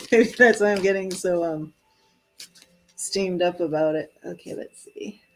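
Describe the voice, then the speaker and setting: A woman's voice: fairly low pitch, slow, faint music behind, rough recording. Chatty woman doing a tarot livestream. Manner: chatty, laughs often, reads card messages aloud. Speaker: tarot reader. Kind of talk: live-streamed tarot reading.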